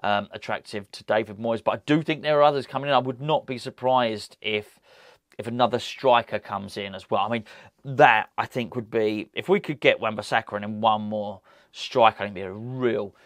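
A man's voice: lowish voice, fairly even intonation, fairly quick, no echo, clean studio sound. A man hosting a football chat, talking casually and rambling with restarts and fillers. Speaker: football podcast host. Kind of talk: casual solo commentary.

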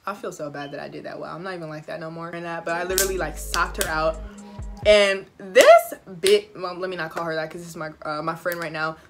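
A woman's voice: fairly low pitch, animated, brisk, music in the background. A young woman vlogger telling a storytime while eating, chatty, slangy and profane, talking straight to her viewers. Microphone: phone camera.

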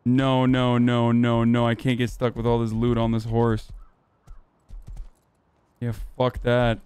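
A man's voice: mid-range voice, completely flat delivery, slow, a little mellow, clean tone, dry recording. A young man streaming a game, talking casually, getting frustrated, swearing and repeating himself. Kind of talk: casual gaming stream commentary.

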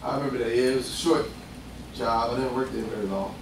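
A young man preaching a lively, conversational sermon, acting out voices and laughing often. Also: mid-range voice, fast talker, gravelly, a little hiss or hum. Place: church. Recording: echoey distant room sound.

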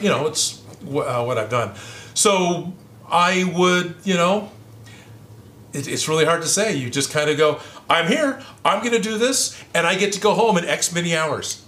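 A man's voice: mid-range voice, fairly bright tone. Easygoing man in a roomy space. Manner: easygoing, rambling storyteller. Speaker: livestream host and prop maker. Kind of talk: casual workshop chat. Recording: roomy echo with faint hiss.

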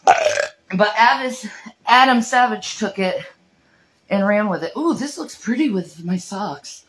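A woman's voice: medium pitch, lively intonation, unhurried, breathy edge, low-quality recording. A woman hosting her own vlog, chatting casually, swearing freely and laughing often. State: out of breath. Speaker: vlog host. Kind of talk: casual chat.

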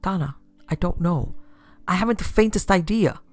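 A woman's voice: on the low side, lively intonation, moderate pace, darkish tone, no room sound, faint music behind. A woman voicing a flustered, apologetic young man in a pulp detective story. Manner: flustered, protesting.

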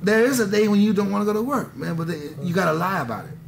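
A musician in his thirties speaks candidly in an interview, his high, gravelly voice expressive and fast, with slight background noise. He rambles intensely, restarts often, and says "man" a lot.

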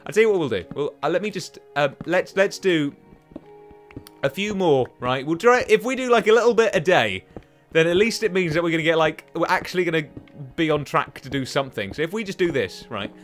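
A young man hosts a let's play from home on a desk microphone, rambling to himself and taunting enemies while he plays. His voice is on the high side, animated and a little fast, with faint music behind.

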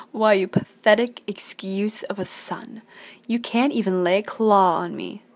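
A cold female villain with nothing but scorn for her son, who draws out each word in a slow sneer, as a young woman plays her. It is an amateur audition take. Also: mid-range voice. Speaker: audition actor.

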